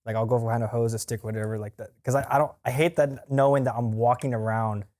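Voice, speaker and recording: A man's voice: mid-range voice, fairly even intonation, fast, darkish tone, no room sound. A man co-hosting a podcast, making blunt offhand comments in casual chat. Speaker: podcast co-host.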